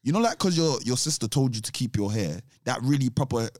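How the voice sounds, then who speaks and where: A man's voice: medium pitch, animated, brisk, darkish tone, no room sound, clean studio sound. A man chatting casually, rambling and restarting sentences, saying "th" like "t". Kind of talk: casual chat.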